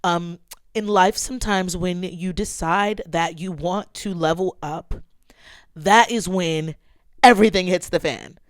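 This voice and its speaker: A woman's voice: fairly low pitch, unhurried, dry recording. A woman podcast host in her thirties telling a personal story to her listeners, emotional and close to tears, talking expressively and calling them y'all. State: tearful. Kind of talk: casual personal vlog talk.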